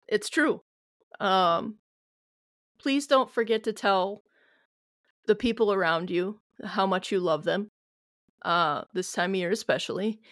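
A woman's voice: mid-range voice, no room sound, clean studio sound. A woman co-hosting a podcast in a casual, hesitant way, with many filler words and some mild swearing. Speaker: podcast co-host. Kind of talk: casual chat.

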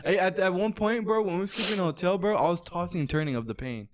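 A man in his twenties telling a story in casual chat, animated, swearing a lot and saying "bro" often. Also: high-pitched, quick pace. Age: 20s.

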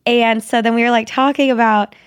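A young woman with a fairly high voice chats warmly as a podcast co-host. She fills her sentences with "like", and the sound is dry and close to the mic. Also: fairly even intonation, fairly quick, clear, resonant tone, no room sound. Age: young adult. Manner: chatty and warm, says "like" often. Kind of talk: casual chat.

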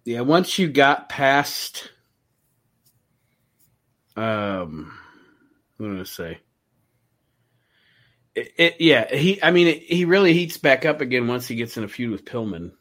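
A man's voice: medium pitch, sing-song, unhurried, pauses often, a bit bright. A man on a podcast as guest, chatting casually in rambling, self-correcting asides. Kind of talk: casual chat.

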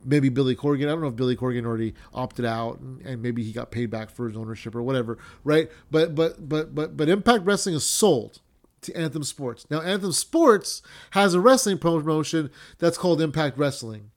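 A man's voice: a little high, brisk. A young man hosting a wrestling podcast, ranting casually with lots of swearing, fillers and restarts.

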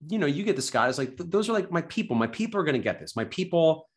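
A man telling his story as a podcast guest, animated and enthusiastic, self-deprecating, full of "like" and "right?". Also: on the high side, fast. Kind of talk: casual storytelling interview.

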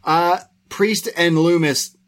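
A man's voice: on the high side, steady tone, slow. A man co-hosting a podcast, giving a rambling, casual play-by-play recap with frequent restarts. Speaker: podcast co-host reviewing wrestling.

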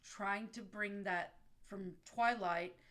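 A woman co-hosting a podcast, speaking in a measured, thoughtful way with some restarts. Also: medium pitch, fairly even intonation, fairly bright tone. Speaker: podcast co-host. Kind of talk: casual chat.

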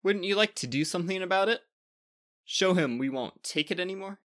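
A man's voice: expressive, brisk, fairly bright tone. A man voicing a male giant planet, a bully now sounding tired and scheming, in a storybook reading. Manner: booming, then tired.

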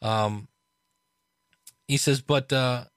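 A man casually talking through a book he is reading, chatty, with restarts and animated asides. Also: mid-range voice, extremely slow, smooth, no echo, studio quality. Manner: conversational, frequent restarts and fillers. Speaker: podcast host reviewing a book.

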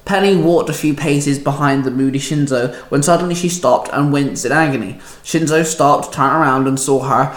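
A man narrating his story in a plain, steady reading with small stumbles. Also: fairly high pitch, normal speed, hardly any pauses, roomy sound. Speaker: fan fiction narrator.

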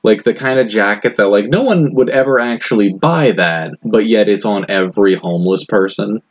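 A man's voice: fairly low pitch, moderate pace, rough recording. A young man co-hosting a casual podcast, telling a rambling story and acting out the people in it. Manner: rambling storyteller, acts out quotes loudly. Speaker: podcast co-host.

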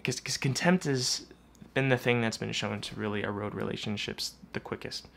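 A man's voice: on the low side, fairly even intonation, normal speed, gravelly, fairly bright tone, slight background noise. A man giving casual relationship advice, acting out both partners in imagined arguments, with earnest fillers and restarts. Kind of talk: casual advice monologue with acted examples.

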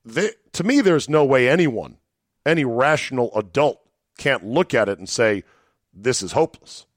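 A man's voice: medium pitch, animated, moderate pace, dry recording. Sardonic male podcast host, dry sound. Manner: sardonic, rambling, chuckling asides. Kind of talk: solo podcast commentary.

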